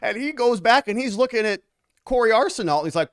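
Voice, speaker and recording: A man's voice: very high-pitched, expressive, quick pace, a bit bright, dry recording, clean studio sound. A man recapping court testimony as a lawyer commentator, telling it animatedly with frequent laughs and acting out the quoted exchanges.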